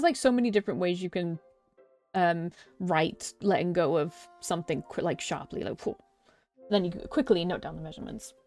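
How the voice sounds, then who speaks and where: A young woman with a fairly low voice reads a visual novel aloud, voicing the first-person narrator. She keeps stumbling and correcting herself, then drops into playful, swearing side comments. Soft music plays faintly underneath. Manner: breaks off narration for joking, swearing asides; restarts and self-corrections while reading. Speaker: let's play streamer.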